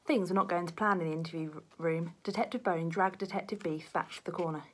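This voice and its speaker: A woman's voice: on the low side, quick pace, husky. Woman reading a children's story aloud. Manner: expressive, storytelling. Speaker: teacher reading to pupils.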